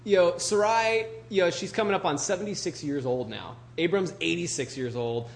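A man's voice: sits high, moderate pace, gravelly, slight background noise. A male pastor preaching a casual, joking sermon and reading scripture, full of "you know" and "like".

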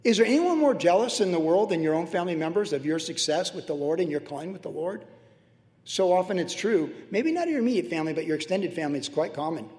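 High-voiced male pastor in echoey hall. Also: darkish tone. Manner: conversational preaching with humor and asides. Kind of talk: sermon. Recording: roomy hall reverb.

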